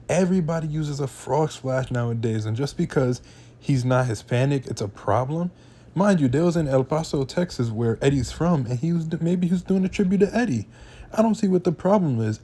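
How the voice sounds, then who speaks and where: Mellow-voiced young man ranting casually. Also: medium pitch. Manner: heated, slangy ranting. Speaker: reaction channel host. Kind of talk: casual reaction commentary.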